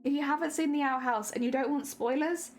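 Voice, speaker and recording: A woman's voice: high voice, a little fast, soft background music. A young woman streaming, chatting casually with her audience, laughing often and trailing off mid-thought.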